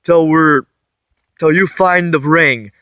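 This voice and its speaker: A man impersonating an outraged middle-aged stepfather who shouts in a strained high voice. He keeps repeating himself, indignant and loud. It comes through a phone recording, dry and close. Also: slow pace, clear, resonant tone, no echo. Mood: scolding.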